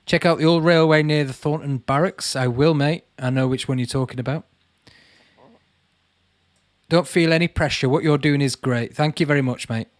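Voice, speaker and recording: A man's voice: on the high side, fairly even intonation, normal speed, no echo. A man hosting a casual livestream, reading out viewers' comments and chatting back to them. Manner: chatty, calls viewers mate, reads comments aloud. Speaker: channel host answering live chat.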